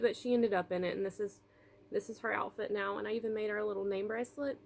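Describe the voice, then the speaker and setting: Brief: woman in her thirties, vlogger, tearful, halting with fillers, faint background hiss. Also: mid-range voice, steady tone, vocal fry. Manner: emotional, apologetic, halting with fillers. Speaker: doll collector vlogger. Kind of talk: personal storytelling vlog.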